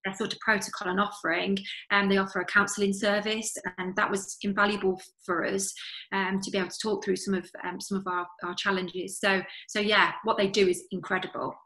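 A woman's voice: mid-range voice, flat delivery, fairly quick, pushed and bright, low-quality recording. A woman, in her thirties, earnestly telling her story as an interview guest, with many fillers and restarts. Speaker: interview guest, charity fundraiser. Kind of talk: conversational interview.

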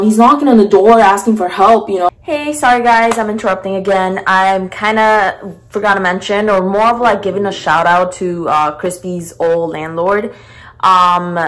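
A woman's voice: medium pitch, normal speed, poor audio. Young woman rambling thru a storytime vlog, super chatty, lots of likes and ums. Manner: animated, chatty, full of fillers. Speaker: vlogger.

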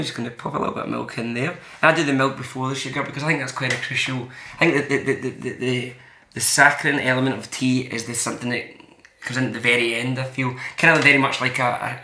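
A man's voice: medium pitch, bright, forceful tone. A man chatting casually as he makes tea, rambling in a playful, mock-serious way. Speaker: host making tea on camera. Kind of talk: casual chat. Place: kitchen. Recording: echoey kitchen with clattering dishes.

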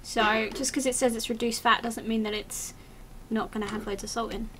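Teasing woman, fairly high voice. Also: steady tone, moderate pace, fairly bright tone. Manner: teasing, sardonic. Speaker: gaming host. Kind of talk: casual gaming chat.

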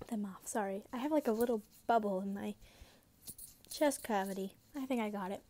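A woman reads a fan fiction story aloud in a casual, unhurried way. Her voice sits a little high, and she giggles and restarts when she trips over words. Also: mellow, dry recording. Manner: giggly, stumbling over words while reading.

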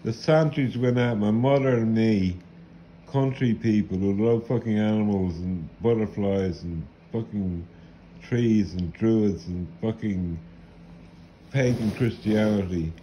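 A middle-aged Irish man rants bitterly and at length, swearing and repeating his curses over and over. His voice is dark and mellow at an ordinary pitch. The recording sounds dull and lo-fi, with a faint hiss underneath. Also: a little slow. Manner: bitter, profane, repetitive cursing. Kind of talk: angry rambling rant.

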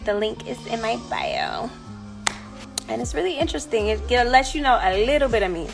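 A woman's voice: fairly high pitch, huge pitch swings, normal speed, vocal fry, music in the background. A woman who is a mother and vlogger, chatting casually and rambling loosely to her followers.

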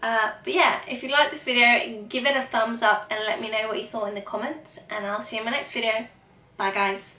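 A young woman rambles casually to her camera at home, filling her talk with ums and likes. Her voice sits a little high. The mic is set back, so the room rings around her. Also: steady tone, fairly quick, pushed and bright. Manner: chatty and rambling, with many fillers. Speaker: vlogger. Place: at home, indoors. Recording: echoey room, mic at a distance.

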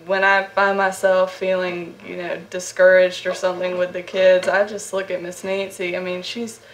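Flat-voiced woman in an interview. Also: fairly low pitch, moderate pace, low-quality recording. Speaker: camp co-teacher. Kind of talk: candid interview.

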